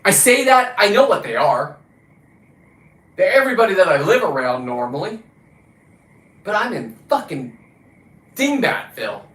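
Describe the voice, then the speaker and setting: A man hosting a livestream, ranting casually and combatively with a lot of swearing, his pitch and volume jumping around. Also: big pitch swings, moderate pace, long pauses, fairly bright tone, reverberant, low-quality recording. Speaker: livestream host. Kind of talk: casual profane rant.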